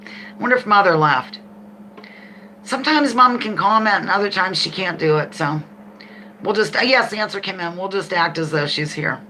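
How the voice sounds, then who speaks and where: Bright chatty middle-aged woman hosting trivia. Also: mid-range voice, a little hiss or hum. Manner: chatty, reads questions slowly, laughs often, chats with viewers. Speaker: trivia game host. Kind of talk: live-streamed trivia game chat.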